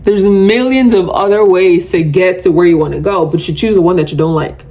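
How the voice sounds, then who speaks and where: Chatty woman podcast host, low voice. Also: fairly quick. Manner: chatty, animated, laughs often, self-described yapper. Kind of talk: casual solo podcast talk.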